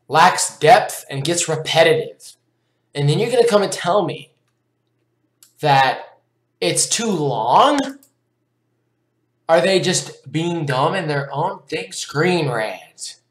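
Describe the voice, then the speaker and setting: A man's voice: a little high, takes it slowly, roomy sound. A man, a gaming YouTuber, reading an article aloud and arguing back at it in an indignant reaction commentary.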